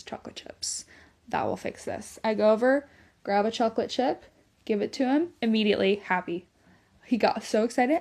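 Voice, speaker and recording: A woman's voice: medium pitch, darkish tone. A young woman hosting a podcast, telling family stories in a chatty way, laughing often and saying "like" a lot. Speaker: podcast host. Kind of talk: casual storytelling monologue.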